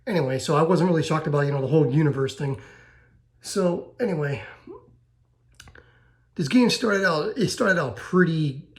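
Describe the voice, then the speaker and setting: A man's voice: on the high side, normal speed, long pauses, roomy sound. A man giving a rambling spoken review of a video game, often restarting and repeating himself.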